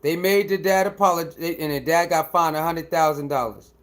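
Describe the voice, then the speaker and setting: A man with a notably high speaking voice hosts a live stream and reads viewer comments aloud. He talks directly to his audience in a loose, repetitive way and gets fired up when answering a critic. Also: a little fast. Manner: chatty, repeats himself, talks straight to viewers. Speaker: livestream host reading chat.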